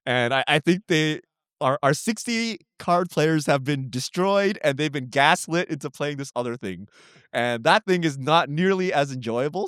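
Guy on a podcast ranting about games, slightly higher voice, keeps going "right?", dry close mic. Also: fairly bright tone, no room sound. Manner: fast, opinionated, keeps asking "right?". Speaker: podcast co-host. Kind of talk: casual podcast chat.

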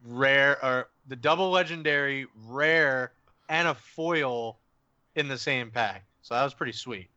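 A man's voice: mid-range voice, measured pace, pushed and bright, dry recording. A man co-hosting a casual podcast, chatty and agreeable, laughing easily. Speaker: podcast co-host. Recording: dull, dry lo-fi podcast audio.

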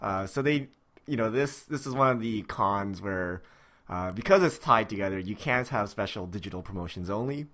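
Low-voiced man hosting a podcast. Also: normal speed. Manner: relaxed, chuckles often, stumbles on names. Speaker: podcast host reading listener questions. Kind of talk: casual podcast chat.

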